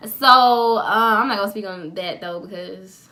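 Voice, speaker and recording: Bright-voiced young woman telling a story. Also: medium pitch, a little slow. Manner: chatty, profane, dramatic retelling. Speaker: vlogger. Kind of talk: casual storytelling to camera.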